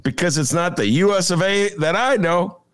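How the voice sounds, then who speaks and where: A man hosting his own podcast from home, delivering sarcastic political commentary in a lively, animated way. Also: sits high, normal speed, clean tone. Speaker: podcast host. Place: home apartment.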